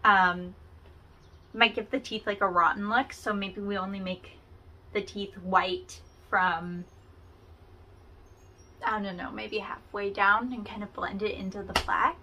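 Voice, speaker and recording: Slow, bright-voiced woman crafter. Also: mid-range voice, steady tone. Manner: chatty and self-deprecating, talking to the viewer while working. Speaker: craft tutorial host. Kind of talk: casual step-by-step craft tutorial.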